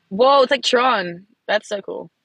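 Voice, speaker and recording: A young woman from Australia with an Australian accent, chatting bubbly and excited on a live stream from her phone in a car. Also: a little high, slow pace, husky, no echo, rough recording. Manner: bubbly, gasping and laughing at gifts, many "like"s. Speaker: livestreamer. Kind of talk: casual live stream chat.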